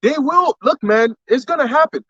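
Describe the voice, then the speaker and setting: Guy with a really high voice, emphatic, quoting scripture, dry muffled sound. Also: animated, moderate pace, pushed and bright, breathy edge, no echo. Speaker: co-host. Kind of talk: casual religious talk chat. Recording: dull lo-fi sound.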